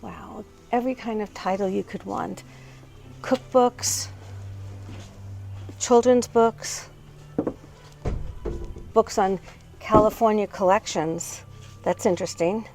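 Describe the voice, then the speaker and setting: A woman's voice: mid-range voice, slow, vocal fry, long pauses, music in the background. A middle-aged woman hosting a casual tour of antique and thrift shops, pointing out items with fond admiration. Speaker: host touring antique shops. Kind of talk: casual walking shop tour.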